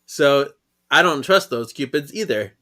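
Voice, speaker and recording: A man's voice: a little high, expressive, sharp tone. A man co-hosting a podcast in casual chat, reading a comic aloud and laughing often. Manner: chatty, laughs often, reads lines in quick impressions. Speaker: podcast co-host.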